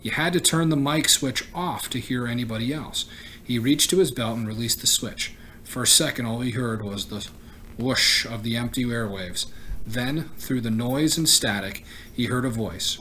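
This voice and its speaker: A man, a teacher, reading a novel aloud in a steady voice, with the odd stumble and self-correction. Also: medium pitch, normal speed, slight background noise, poor audio.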